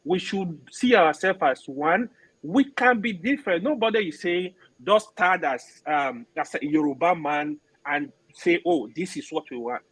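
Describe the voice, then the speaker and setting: A man's voice: on the high side, lively intonation, measured pace, fairly bright tone, husky, no room sound, poor audio. A man making an earnest plea in a group discussion, often restarting his words. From Nigeria. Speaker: discussion participant.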